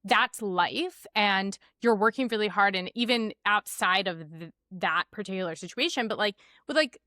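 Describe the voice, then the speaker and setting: A woman in her thirties co-hosting a podcast, chatting in an animated way with lots of fillers. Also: mid-range voice, moderate pace, no echo, clean studio sound. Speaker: podcast co-host. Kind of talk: casual chat.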